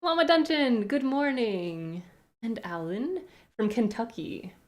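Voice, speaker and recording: A woman's voice: on the high side, lively intonation, slow pace. A woman streamer chatting casually on a live stream, greeting viewers one by one with rambling asides.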